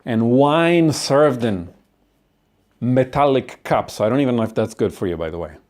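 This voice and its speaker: A man's voice: mid-range voice, animated, moderate pace, darkish tone. A man delivering a comic monologue, ranting with lots of swearing and acted-out asides.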